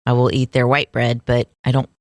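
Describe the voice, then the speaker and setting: A woman co-hosting a casual podcast, chatty and quick to laugh. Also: a bass voice, monotone, darkish tone, dry recording, clean studio sound. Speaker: podcast co-host. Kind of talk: casual chat.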